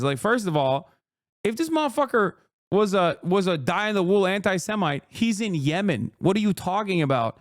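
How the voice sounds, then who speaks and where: Male streamer, heated profane ranter, higher-pitched voice, dry close sound. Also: big pitch swings, moderate pace, no echo. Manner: profane, heated ranting with sarcastic mockery. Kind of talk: live stream commentary.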